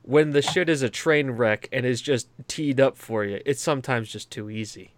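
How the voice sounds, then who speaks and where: A man's voice: mid-range voice, normal speed, no echo. A man with a New England accent hosting a podcast in a rambling, profane casual chat with many stammered restarts. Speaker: podcast host.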